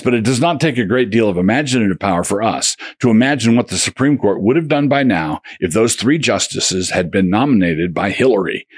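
A man's voice: on the low side, slightly rough, no room sound, clean studio sound. A man reading his own polemical essay aloud as a religious commentator, with a sardonic, combative manner and a run of rhetorical questions.

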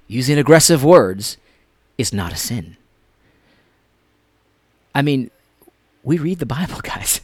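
A man giving impassioned commentary, preachy and repetitive, swinging between loud emphasis and near-whispered lines. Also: medium pitch, big pitch swings, slow, pauses often, breathy edge, no room sound.

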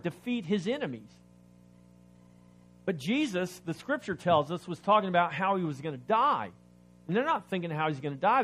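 A man preaching a sermon, reading scripture aloud and explaining it, asking the congregation questions, swinging between loud emphasis and quiet asides. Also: high voice. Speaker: pastor.

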